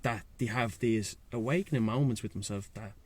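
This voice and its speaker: A man's voice: lowish voice, a little fast, darkish tone, husky. Fired-up Dublin man swearing freely. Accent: Irish, Dublin. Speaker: guest, breathwork and sea-swim facilitator. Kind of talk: casual chat.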